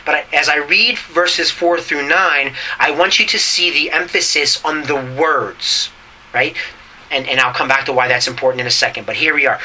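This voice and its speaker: Male pastor, very bright ringing tone, teaching sermon with frequent "right?" check-ins, faint ambient noise behind. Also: mid-range voice, rough recording. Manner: reads scripture slowly and deliberately.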